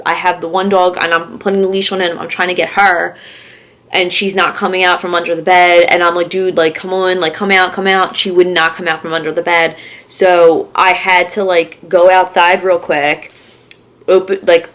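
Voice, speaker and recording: A woman's voice: on the low side, fairly bright tone. A young woman from Philadelphia telling a rambling story on her vlog, with lots of "like" and swearing. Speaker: horror vlogger.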